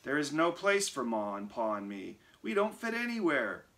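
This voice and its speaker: A man's voice: medium pitch, very animated, moderate pace, fairly bright tone, pitched above the performer's own voice. A man voicing a tiny young boy witch who feels like a misfit, in a small, earnest storybook voice. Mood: glum. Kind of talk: storybook reading.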